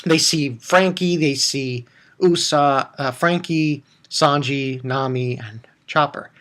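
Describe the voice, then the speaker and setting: Excitable rambling male anime reviewer. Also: slow pace. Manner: rambling and excitable, swings into high squeals. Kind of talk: casual episode review.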